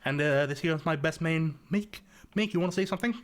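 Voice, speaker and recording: A man doing an impression of a gentle, laid-back male alien made of rocks, chatting mildly. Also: on the high side, quick pace, pitched above the performer's own voice, lightly acted. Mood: friendly.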